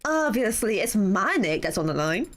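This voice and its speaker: A woman voicing a sharp-tongued female defense lawyer, explaining in a brisk, blunt way. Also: medium pitch, very animated, slight background noise, voice pushed down, lightly acted.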